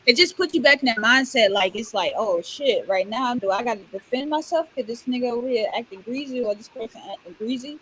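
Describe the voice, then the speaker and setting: A young woman from Orlando who tells stories in a blunt, animated way, swearing freely in casual podcast chat. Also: on the high side, brisk, hardly any pauses, slight background noise, poor audio. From Orlando, Florida. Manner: blunt, animated storytelling with profanity.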